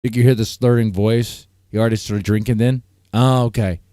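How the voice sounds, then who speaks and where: A man's voice: on the low side, steady tone, a little fast, dark tone, dry recording, studio quality. A man hosting a casual live-stream panel, ranting and repeating himself, breaking into laughter often. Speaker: stream host.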